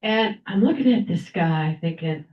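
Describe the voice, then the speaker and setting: A woman's voice: lowish voice, lively intonation, moderate pace. An older woman giving a prepared storytelling speech at a club meeting, acting out the people she quotes. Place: meeting room at a club lunch. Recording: echoey room, dull lo-fi sound.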